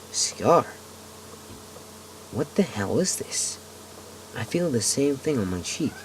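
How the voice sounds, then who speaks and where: A young man reading a creepypasta aloud at home, dropping low for narration and shouting the quoted lines. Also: slight background noise, poor audio. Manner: swings from low muttering to loud yelling in quoted lines. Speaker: amateur narrator. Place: home room.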